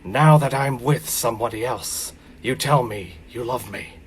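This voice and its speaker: A man doing an impression of a grim action-movie star, reading lyrics slowly as if they were a dramatic speech. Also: medium pitch, a little hiss or hum, lightly acted. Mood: grave. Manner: slow, grave dramatic reading. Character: grim, low male action-movie hero.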